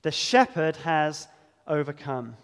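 A man preaching a sermon, earnest and emphatic, slowing down to stress key words. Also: fairly high pitch, sing-song, clean tone, long reverb tail.

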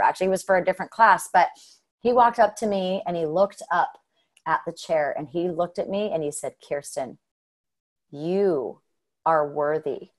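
Earnest chatty woman from Southern Utah. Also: on the low side. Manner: chatty and earnest, many fillers and "right?" tags; emotional, heartfelt storytelling. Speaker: guest. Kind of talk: casual personal testimony.

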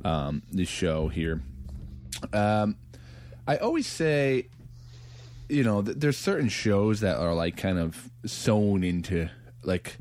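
A man's voice: lowish voice, sing-song, takes it slowly, long pauses, a little mellow. A man hosting a podcast, chatting casually, laughing often and rambling with restarts. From United States. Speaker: podcast host. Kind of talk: casual chat.

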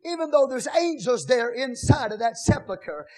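A pastor with a very high voice and a drawl, preaching to his congregation. He drops into a low, confiding tone to retell scripture, then rises into shouted, half-sung cries. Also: big pitch swings, normal speed. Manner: swings from soft storytelling to shouted, sing-song preaching. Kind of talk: sermon.

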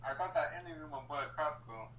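A man's voice: fairly high pitch, fairly even intonation, quick pace, bright, forceful tone, poor audio. A man casually dropping in on a friend's podcast recording, easygoing. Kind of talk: casual chat. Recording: crowd noise behind.

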